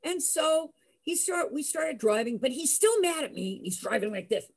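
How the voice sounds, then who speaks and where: An older woman telling a personal story in a lively way, acting out the voices of the people in it. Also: sits high, moderate pace. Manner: lively, acts out voices, laughs. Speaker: storyteller host.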